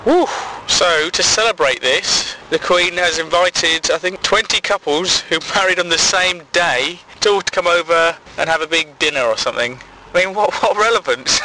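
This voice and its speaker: A man's voice: high voice, bright, forceful tone, slight background noise, poor audio. A man hosting a casual comic monologue, rambling and laughing at his own sarcastic asides. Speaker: comedy blog host.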